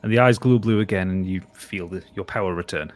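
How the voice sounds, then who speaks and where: A man's voice: deep voice, fast. A man narrating a tabletop game as game master, often restarting his sentences and laughing. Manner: stumbling restarts, laughing asides.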